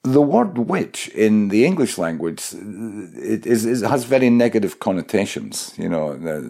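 A man's voice: on the low side, big pitch swings, unhurried, creaky, hardly any pauses, dark tone. A man interviewing a guest, asking questions in a conversational way.

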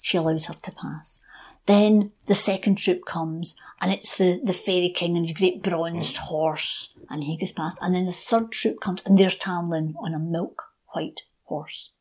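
Expressive woman storyteller. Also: lowish voice, a little slow, husky. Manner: expressive, shifting between hushed and lively. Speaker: storyteller guest. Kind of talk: oral folk storytelling.

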